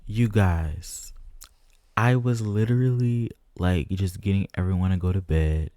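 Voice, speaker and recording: Mellow, low-voiced man chatting over gameplay. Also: measured pace, dry recording, clean studio sound. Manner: chatty, keeps addressing viewers as "guys". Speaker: gaming channel host. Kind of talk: casual gameplay commentary.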